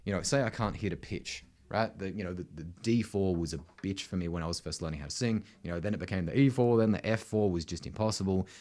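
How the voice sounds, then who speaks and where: A man's voice: deep voice, quick pace, hardly any pauses, darkish tone. A man with an Australian accent, a vocal coach explaining technique in casual talk, often tagging his sentences with "right?". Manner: conversational, constant "right?" tags, sings demonstrations.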